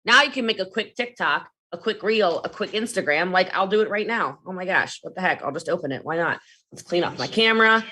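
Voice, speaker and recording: Woman, trainer, bright forceful voice, lowish pitch, animated delivery. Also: breathy edge. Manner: fast, animated, jumps between demos and asides. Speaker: network marketing trainer. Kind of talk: energetic training talk.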